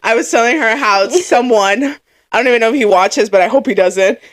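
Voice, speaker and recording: A woman's voice: fairly high pitch, brisk. A woman co-hosting a casual podcast, telling stories with acted-out quotes and frequent laughter. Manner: laughs often, animated storytelling with put-on quotes. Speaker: podcast co-host. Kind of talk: casual chat.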